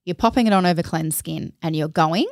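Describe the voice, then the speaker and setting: A woman's voice: fairly low pitch, brisk, a little mellow, dry recording. Chatty woman, dry studio sound. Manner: chatty, enthusiastic, acts out quoted voices. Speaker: podcast co-host. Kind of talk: casual beauty chat.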